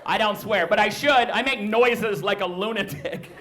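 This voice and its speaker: A man's voice: high voice, normal speed. A man in his thirties doing a stand-up comedy set on a club stage, talking conversationally into a handheld mic. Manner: conversational, bursts into loud shrieking impressions of his kids. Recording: live club recording with audience laughter and noise. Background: audience laughing.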